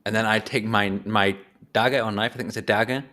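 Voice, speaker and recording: A man's voice: on the low side, steady tone, fast talker, bright, forceful tone. A man playing a tabletop role-playing game, talking casually and hesitantly with lots of "like" and "you know". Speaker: player. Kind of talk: casual play chat.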